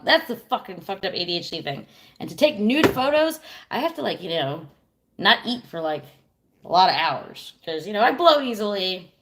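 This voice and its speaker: A woman's voice: on the low side, very animated, normal speed, slight background noise. A woman in her thirties chatting casually on a livestream, telling a rambling, profane story and answering viewers. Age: 30s. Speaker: streamer.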